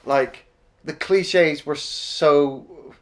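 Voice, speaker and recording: A man's voice: a little high, very slow. Sweary man ranting about films. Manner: blunt and sweary, gets worked up in loud rants. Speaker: podcast co-host. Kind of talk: casual film review chat.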